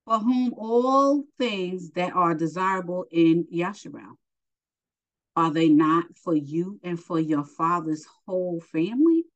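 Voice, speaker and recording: A woman's voice: on the low side, lively intonation, slow, muffled recording. A woman teaching a Bible lesson, reading scripture aloud and stopping to explain it in casual asides.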